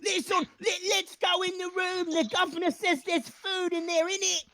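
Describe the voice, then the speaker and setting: A man's voice: extremely high pitch, little pitch movement, normal speed, creaky, sharp tone, pitched above the performer's own voice, full character voice. A man voicing a cheeky male rat leader, brash and stammering. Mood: excited.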